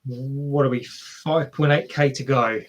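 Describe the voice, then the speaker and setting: In a steady, mid-range voice, a man unhurriedly commentates a marathon live for his viewers. He's a chatty, self-mocking streamer who cheers on the runners.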